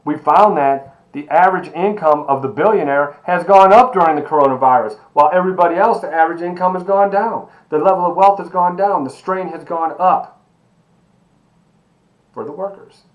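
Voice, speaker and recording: A man teaching an online sociology lecture, animated and emphatic, asking rhetorical questions and calling his students baby. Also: a little high, normal speed, highs cut off. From Miami. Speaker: sociology professor.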